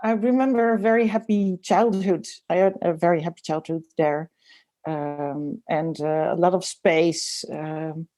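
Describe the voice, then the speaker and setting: A woman from the Netherlands, a designer, speaking as a guest in a casual podcast interview. She talks thoughtfully, pausing often to search for words. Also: lowish voice, steady tone, warm tone. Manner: thoughtful, hesitant, many ums and pauses.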